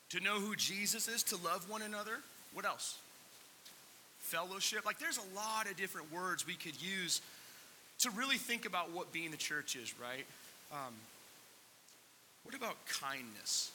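Man, pastor, conversational sermon, fairly high, very bright voice, long hall reverb, faint hiss. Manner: conversational, asks the congregation questions; emotional, close to tears. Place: church sanctuary.

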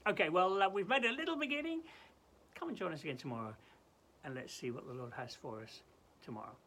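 Earnest gravelly church devotional speaker. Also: medium pitch, expressive, fast talker, fairly bright tone, a little hiss or hum. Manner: earnest, emphatic, with stammered restarts. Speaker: church leader. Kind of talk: daily Bible devotional and prayer.

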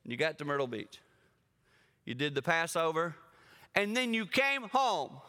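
A male guest preacher with a drawl, telling stories animatedly and talking straight to the congregation. His voice is bright and smooth, a little higher than most men's. The sound carries a long reverb from a large church auditorium. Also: normal speed. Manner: animated storytelling, addresses the congregation directly. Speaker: guest speaker. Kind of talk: sermon.

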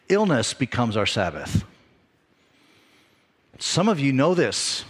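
A man preaching a sermon as a pastor, in a lively, conversational way with self-deprecating asides. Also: medium pitch, long reverb tail.

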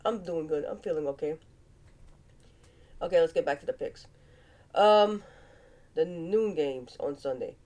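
A woman's voice: low-pitched, unhurried, pauses often, darkish tone. A woman with a Cajun accent hosting a casual vlog, chatty and playful, her voice nasal and stuffed up from sinus congestion. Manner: chatty, playful, with animal noises. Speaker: vlog host. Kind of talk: casual football picks vlog.

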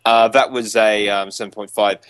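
A man's voice: fairly low pitch, steady tone, moderate pace, a bit bright, smooth, no echo. A young man hosting a casual podcast, rambling a bit and chuckling as he reads out game reviews. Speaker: podcast host.

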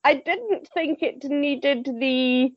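A woman's voice: high-pitched, very slow, dry recording. Woman chatting tv on a podcast, bit dull sounding. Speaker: podcast contributor. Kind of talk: casual chat.

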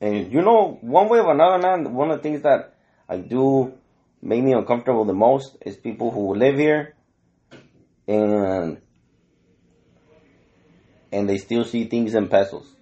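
Animated storytelling man, dull lo-fi sound. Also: medium pitch, unhurried, long pauses. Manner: animated storytelling, acts out dialogue, swears freely, mixes in Spanish phrases. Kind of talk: casual chat. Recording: dull lo-fi audio.

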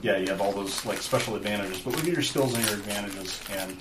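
A man's voice: lowish voice, fast. A man running a tabletop game as game master, explaining rules in a loose, filler-heavy way. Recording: roomy, distant, noisy.

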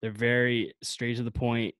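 A man's voice: medium pitch, little pitch movement, moderate pace, fairly bright tone, smooth, dry recording. A man chatting casually in a laid-back, rambling way, full of fillers. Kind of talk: casual chat.

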